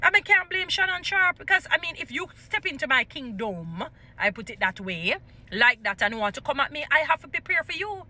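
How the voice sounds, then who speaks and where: A woman's voice: high-pitched, big pitch swings, fairly quick, bright, forceful tone. A Jamaican woman giving impassioned opinion commentary in a vlog, slipping into patois and often restarting her sentences. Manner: impassioned, mixes patois into English, many restarts. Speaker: vlogger.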